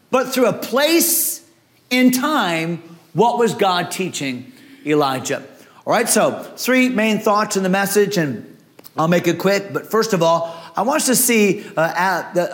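A man's voice: sits high, fairly bright tone. A man preaching a sermon as pastor, passionate and emphatic, repeating phrases as his intensity builds.

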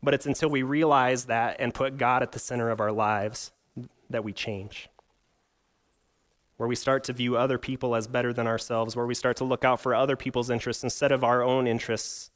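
A young man preaching a sermon at a middle pitch. He reads scripture, asks the listeners rhetorical questions, and drifts into a humorous personal anecdote told in an easy storytelling way. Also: flat delivery, moderate pace. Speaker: pastor.

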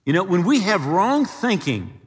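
A man preaching a sermon, retelling a story in an animated way and acting out the voices. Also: sits high, unhurried, husky, in a large hall. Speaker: pastor.

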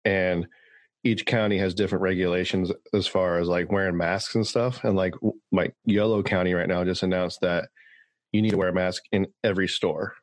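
A man's voice: low-pitched, fairly even intonation, moderate pace, no room sound. A man hosting a podcast, chatting casually and jokingly, with a lot of fillers. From California. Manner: rambling, joking, many fillers. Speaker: podcast host.

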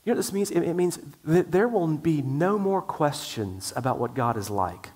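A man's voice: fairly high pitch, lively intonation, normal speed, a little mellow, husky. A middle-aged male pastor preaching a sermon in an earnest way, with frequent restarts.

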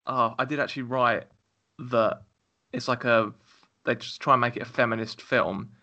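Bright-voiced man reviewing films. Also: medium pitch, fairly even intonation, moderate pace, dull audio. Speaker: podcast co-host. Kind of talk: casual film review chat.

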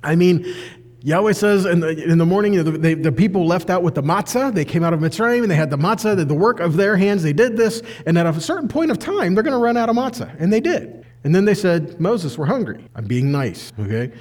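A man teaching a conversational sermon, animated and acting out the people in the story. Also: sits high, a little fast, big-room sound. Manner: animated, acts out quoted voices. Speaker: bible teacher.

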